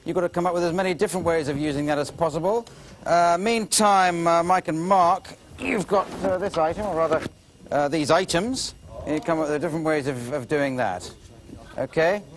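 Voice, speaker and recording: Hesitant British game show host. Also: male voice, on the high side, moderate pace. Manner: hesitant, full of uhs. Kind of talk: hosting an improv comedy show.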